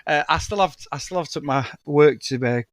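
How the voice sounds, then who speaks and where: A man co-hosting a casual podcast with a slightly high voice, swearing freely and breaking into laughter as he tells stories. The sound is dry and close. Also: fairly quick, dry recording. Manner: sweary, laughing, animated storyteller. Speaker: podcast co-host. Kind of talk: casual chat.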